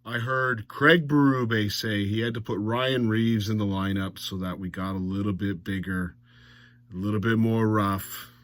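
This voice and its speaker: A man's voice: on the low side, fairly even intonation, measured pace, no echo. A man recapping a hockey game in a blunt, mocking monologue that rises to exasperated outbursts. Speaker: hockey commentator.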